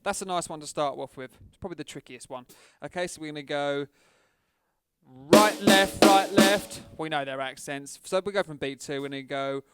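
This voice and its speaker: A man's voice: fairly high pitch, quick pace, few pauses, over loud music. A man giving a casual drum lesson, chatting and counting beats aloud. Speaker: drum teacher. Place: drum studio.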